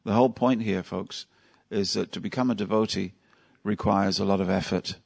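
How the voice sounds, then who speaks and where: A man's voice: on the low side, fairly even intonation, moderate pace, creaky, slightly rough. A man giving a devotional class at a temple, telling stories in a conversational way and asking his listeners questions. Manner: storytelling, conversational, asks the audience questions. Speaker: temple lecturer.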